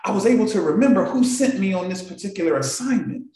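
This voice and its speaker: A man's voice: high-pitched, fast talker. Guy doing a motivational live stream, voice jumps all over, super echoey room. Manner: animated and emotional, repeats phrases for emphasis. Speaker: morning show host.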